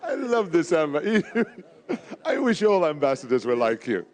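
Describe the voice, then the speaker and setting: A man's voice: fairly high pitch, sing-song, measured pace. A man emceeing a live race draw, playful and teasing with frequent chuckles. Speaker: master of ceremonies at a race draw. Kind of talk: live event announcing.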